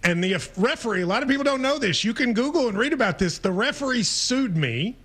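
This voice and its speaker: High-voiced sports radio host, wry. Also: male voice, expressive, fast, fairly bright tone. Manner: assertive, wry.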